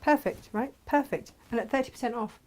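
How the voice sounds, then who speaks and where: A chatty woman in her forties hosts a live crafting show. She talks in a loose, rambling way with quick asides, often laughing between thoughts. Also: on the high side, a little mellow. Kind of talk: casual live chat selling fabrics.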